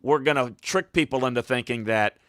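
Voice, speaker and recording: A man's voice: mid-range voice, fairly quick, fairly bright tone, clear, resonant tone, no echo, studio quality. A man talking football as a coach on a podcast, emphatic and hammering points home by repeating phrases. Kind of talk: casual podcast talk.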